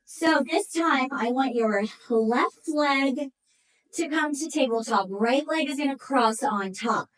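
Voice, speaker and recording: A woman leads guided pilates instruction in a high, slow, slightly bright voice, encouraging and counting reps while somewhat breathless. The recording is low quality, with the mic set far away.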